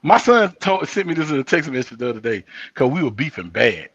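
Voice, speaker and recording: A man's voice: mid-range voice, a little fast, husky, no echo, lo-fi sound. An older man hosting a casual live talk show, telling stories and acting out the dialogue of the people in them. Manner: animated storyteller acting out quoted dialogue. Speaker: host.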